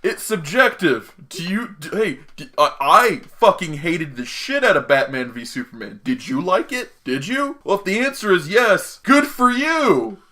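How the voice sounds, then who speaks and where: A young man hosts a casual chat podcast with a bright, slightly high voice. He swears freely and rambles off on tangents. His talk is quick to get excited. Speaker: podcast host.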